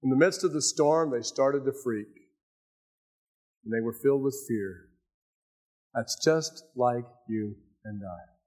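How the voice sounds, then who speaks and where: An older man preaching a sermon as pastor, swinging between raised emphasis and hushed asides. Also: medium pitch, a little slow, long pauses.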